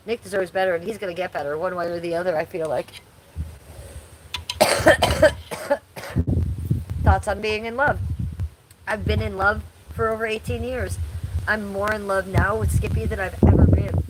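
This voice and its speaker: A woman's voice: mid-range voice, very noisy. A woman in her forties hosting a casual livestream from home, chatting bluntly and crudely while reading chat aloud. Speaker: livestream host.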